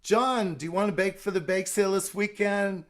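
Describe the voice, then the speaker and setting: A man voicing a persistent churchwoman who coaxes and flatters to get someone to bake for a sale. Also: high-pitched, moderate pace, voice pushed up, lightly acted. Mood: coaxing. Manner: wheedling, persistent. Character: pushy, coaxing churchwoman asking for baking.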